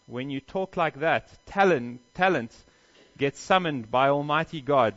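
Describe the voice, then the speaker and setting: A man's voice: on the high side, expressive, a little slow, a bit bright, highs cut off. A man preaching a sermon as pastor, earnest, with emphatic stresses and rhetorical questions.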